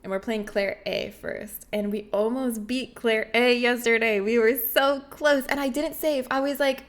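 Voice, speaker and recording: A woman's voice: fairly high pitch, steady tone, measured pace, hardly any pauses. A woman game streamer chatting casually and playfully with her viewers, often giggling. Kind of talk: casual livestream chat with viewers.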